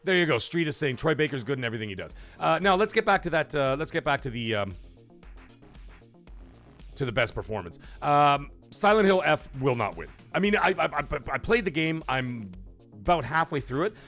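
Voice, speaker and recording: A man's voice: a little high, sing-song, brisk, fairly bright tone, soft background music. Chatty man hosting a live stream. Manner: rambling, chatty, reads out chat comments. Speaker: livestream podcast host. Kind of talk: casual live-stream chat. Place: home.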